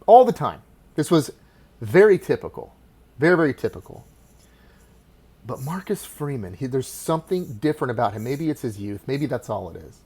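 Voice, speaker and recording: A middle-aged man hosts a solo sports podcast, his voice sitting at an ordinary middle pitch. He talks with passion and rambles, restarting his sentences often. He drops into quiet asides and then swells into loud, excited bursts. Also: normal speed, husky. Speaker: podcast host.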